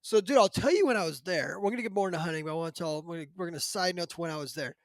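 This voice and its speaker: A high-pitched man hosts a casual podcast, rambling through a story with lots of fillers and animated asides. He sounds like a man in his thirties. The recording is close and dry, with no room sound. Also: very fast, dry recording. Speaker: podcast host.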